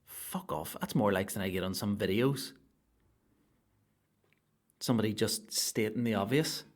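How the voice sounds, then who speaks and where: A Northern Irish man, a stand-up comedian and podcast host, rambling through a comic monologue full of swearing and sudden loud outbursts. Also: on the low side, a little slow.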